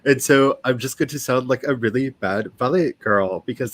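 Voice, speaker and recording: A woman with a Southern US accent, an author chatting casually on a writing livestream, animated and self-mocking. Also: extremely low pitch, moderate pace, hardly any pauses, no room sound.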